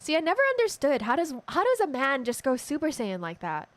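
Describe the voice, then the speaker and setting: Excitable young woman streamer. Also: sits high, brisk, no room sound. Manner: excitable, giggly. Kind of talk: let's play commentary.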